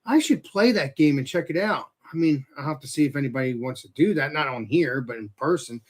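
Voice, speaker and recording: A man's voice: on the high side, expressive, brisk. A man hosting a casual chat, curious and asking his guest many questions. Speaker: host.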